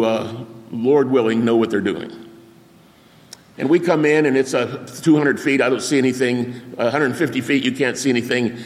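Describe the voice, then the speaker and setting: An older man preaching a sermon, telling a lively anecdote with sound effects and acted-out quotes before turning to scripture. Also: mid-range voice. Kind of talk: storytelling sermon. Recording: long reverb of a large hall.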